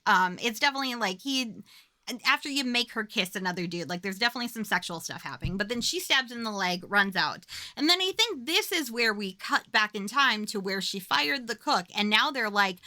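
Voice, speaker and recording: A woman's voice: medium pitch, sharp tone, no room sound. A woman hosting a podcast, recapping a movie in casual chat, giggly and swearing freely with lots of fillers. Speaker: podcast host.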